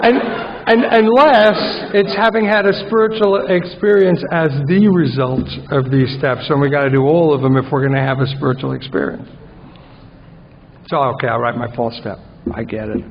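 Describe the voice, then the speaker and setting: Brief: high-voiced male conference speaker, wry and rambling, dull recording in a big echoing hall. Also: normal speed, a little hiss or hum. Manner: self-mocking, rambling, comic asides. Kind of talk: conference talk. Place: large conference hall with an audience.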